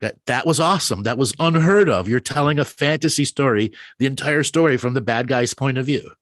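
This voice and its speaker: A man's voice: medium pitch, brisk, no echo, studio quality. A man hosting a casual live call-in chat, rambling and enthusiastic, often restarting his words. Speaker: show host.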